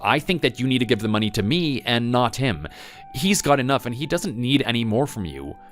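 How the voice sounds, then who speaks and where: A man's voice: mid-range voice, big pitch swings, brisk, soft background music, lightly acted. A man voicing a resentful grown son who sulkily blames his mother for his failures, read as a texting-story voice-over. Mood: wheedling. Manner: sulky, self-pitying, bitter.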